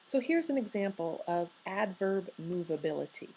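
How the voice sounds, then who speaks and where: A woman lecturing on grammar in a relaxed, wry way, pausing to ask her students questions. Her voice sits at a middle pitch. A faint hiss and some room ambience run underneath. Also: poor audio. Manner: wry, conversational, asks rhetorical questions. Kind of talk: recorded lecture.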